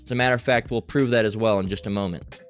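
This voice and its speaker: A man's voice: on the low side, steady tone, fast talker, soft background music. A man leading a screen-share Bible study lesson, talking emphatically and checking in with "all right?" and "okay?". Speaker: Bible teacher.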